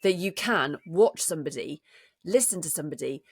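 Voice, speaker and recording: A woman's voice: low-pitched, lively intonation, brisk, slightly rough, no room sound. A woman co-hosting a podcast and talking casually about voice acting, with lots of restarts. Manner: chatty, many restarts, explains with enthusiasm. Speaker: podcast co-host and voice actor. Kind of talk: casual chat.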